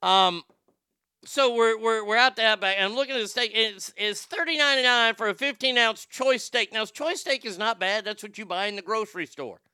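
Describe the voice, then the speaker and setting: High bright-voiced joking male host. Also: normal speed, smooth, no room sound, studio quality. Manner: loose, joking, profane banter. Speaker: show host. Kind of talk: casual rambling chat show.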